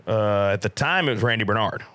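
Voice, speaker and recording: A man, a rodeo announcer being interviewed, talking in a relaxed, halting way with many fillers and small laughs. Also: lowish voice, dry recording. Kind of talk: casual podcast interview.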